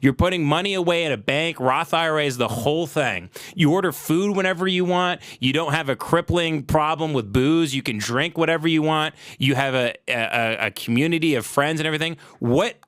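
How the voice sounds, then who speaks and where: A man's voice: on the high side, moderate pace, few pauses, fairly bright tone, smooth, no echo. A young adult man, a comedy podcast host, delivering a sarcastic, profane, worked-up comedic rant.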